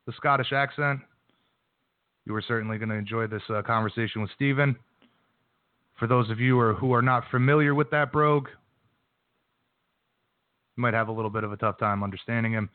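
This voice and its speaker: A man's voice: mid-range voice, moderate pace, pauses often. Male radio host, brash sports-talk delivery, thin lo-fi phone sound, no room echo. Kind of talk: sports news recap and interview. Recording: dry phone-quality line.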